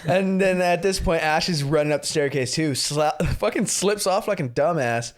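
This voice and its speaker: On a podcast, a male co-host chats through a movie recap, rambling, laughing a lot and cursing without restraint. His voice is on the high side, at a normal speed.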